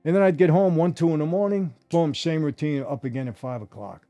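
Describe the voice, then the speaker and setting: Older New man telling stories, mellow voice. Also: on the high side, fairly quick, faint music behind. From New York. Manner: animated, addresses listeners directly, repeats "I gotta tell you". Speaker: former mobster telling stories. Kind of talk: casual storytelling monologue.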